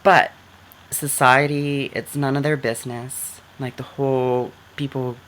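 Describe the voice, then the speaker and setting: A woman's voice: a bass voice, little pitch movement, unhurried, a bit bright, slight background noise. A woman vlogger giving casual advice into her computer camera, talking loosely with lots of "like" fillers. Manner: chatty, many "like" fillers.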